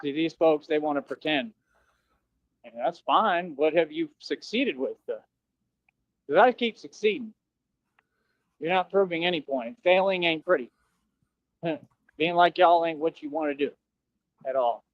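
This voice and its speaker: A man's voice: a little high, a little slow, pauses often, no echo, dull audio. A young man ranting on a stream clip, boastful and taunting with lots of slang.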